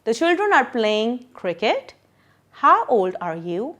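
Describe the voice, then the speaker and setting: Lady teacher walking kids through a lesson, higher voice that rises and falls a lot, says stuff twice. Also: sing-song, takes it slowly, a bit bright. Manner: patient, repeats questions and instructions. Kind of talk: classroom lesson explanation.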